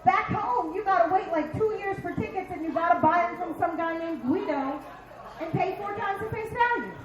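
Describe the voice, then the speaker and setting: Comic, woman, 50s, from Philly: very high voice, brash and profane, echoey bar stage. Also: normal speed, dull audio. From Philadelphia. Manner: brash, profane, punchy delivery with acted-out asides. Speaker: stand-up comedian. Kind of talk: stand-up comedy set.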